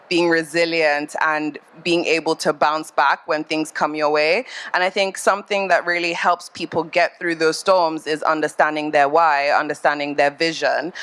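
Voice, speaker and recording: A woman's voice: low voice, clean tone. A woman interviewing a guest onstage, encouraging and saying "like" a lot as she asks her questions. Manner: warmly encouraging, uses like a lot.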